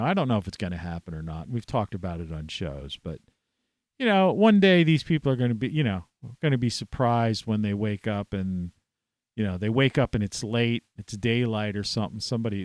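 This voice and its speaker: A man's voice: on the low side, a little mellow, no echo. A man at home, ranting scornfully to camera with plenty of swearing. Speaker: vlogger. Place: at home, indoors in an old house.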